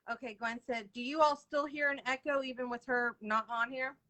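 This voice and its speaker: Chatty bright-voiced woman hosting a livestream. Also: a little high. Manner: chatty, chaotic, greets viewers by name. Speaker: livestream interview host. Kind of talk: casual live-stream chat. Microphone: video call.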